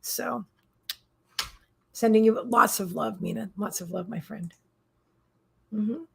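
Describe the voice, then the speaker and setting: A woman with a mid-range, creaky, husky, and somewhat bright voice hosts a live psychic reading stream. She chats casually and effusively, repeating thanks and greetings while frequently restarting and using fillers.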